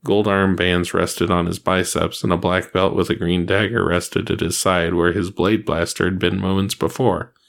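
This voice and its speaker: A man narrating an action story aloud in a steady, plain reading voice. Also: sits low, normal speed, creaky, hardly any pauses. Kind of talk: reading fan fiction aloud.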